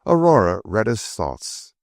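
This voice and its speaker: Gravelly, low-voiced male audiobook narrator. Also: big pitch swings, measured pace, no echo, studio quality. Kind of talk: scripted narration.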